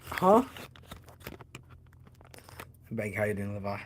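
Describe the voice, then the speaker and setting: A man's voice: lowish voice, very animated, takes it slowly, slight background noise. A man talking loosely on a livestream, joking and cursing as he answers chat. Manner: loose and joking, curses a lot, chats with viewers.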